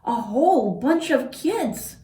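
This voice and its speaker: Slow, lively storybook reader. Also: female voice, high-pitched. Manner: animated, points at pictures. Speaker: children's librarian. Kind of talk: reading a picture book aloud to children. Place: library. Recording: roomy, from far off.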